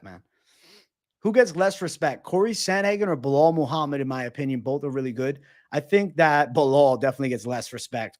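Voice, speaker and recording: Casual male MMA streamer, profane, chatty, reads out chat. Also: medium pitch. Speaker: MMA livestream host.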